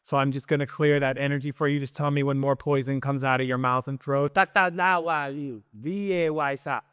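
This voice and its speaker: A man working as a shaman, guiding an energy healing session, calmly directing and chanting strings of ritual syllables. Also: medium pitch, smooth, no echo, clean studio sound. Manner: chants in invented-sounding syllables, calm directive tone.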